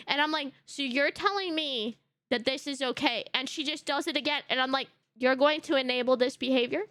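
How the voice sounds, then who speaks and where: A woman's voice: high-pitched, moderate pace, sharp tone, dry recording. A woman streamer in casual chat, telling emotional stories animatedly with laughter. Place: home streaming setup.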